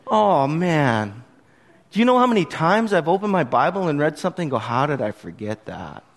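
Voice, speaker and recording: A man preaching a sermon to his congregation in an expressive, conversational storytelling manner. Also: fairly high pitch. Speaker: pastor. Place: church service.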